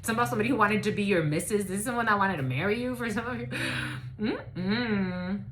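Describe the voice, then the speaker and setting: A woman doing a casual channeled reading, swearing freely as she rambles and confides in her listeners. Her voice is mid-pitched and ordinary, with faint noise behind it. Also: a little fast, a bit bright. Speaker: psychic channeler.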